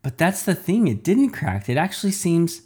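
A man's voice: on the high side, big pitch swings, normal speed, a little mellow, breathy edge, pitched above the performer's own voice. A man voicing a young boy who is a living slice of pizza, eager and worried, in a storybook reading.

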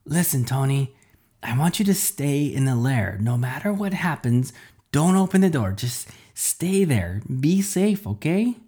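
Dude reading doing a dad whispering urgently, keeps it hushed. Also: male voice, medium pitch, big pitch swings, measured pace, slightly rough, pitched above the performer's own voice. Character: father hiding, speaking in hushed urgent whispers on the phone.

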